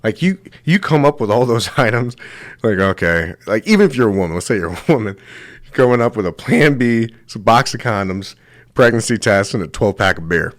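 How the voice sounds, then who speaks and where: A man's voice: fairly low pitch, expressive, fairly quick, dry recording, studio quality. A young man hosting a comedy show, telling rambling, crude stories full of swearing and laughing at his own jokes. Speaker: show host. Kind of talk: comedic storytelling monologue.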